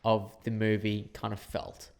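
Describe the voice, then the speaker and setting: A tipsy man co-hosting a casual film podcast, his low voice carrying a gravelly rasp. He rambles, restarting and repeating words as he talks things through. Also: monotone, unhurried, a little mellow. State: tipsy from drinking. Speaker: podcast co-host. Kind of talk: casual film review chat.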